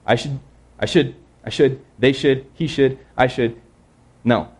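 A man preaching a sermon in a conversational, earnest way, slowing down to read scripture verses. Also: mid-range voice, steady tone, darkish tone, slightly rough.

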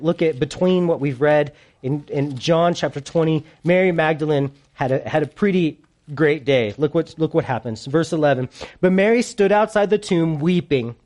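A man preaching a sermon to a congregation with kids present, animated and playful, swinging from hushed lows to loud peaks. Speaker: pastor.

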